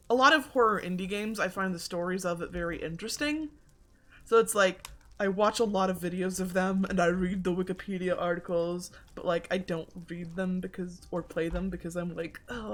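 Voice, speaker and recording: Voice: medium pitch, normal speed, a bit bright. A game streamer in casual chat while playing, rambling with lots of filler words and a self-deprecating tone, on a desk mic at home. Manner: rambling, many filler likes.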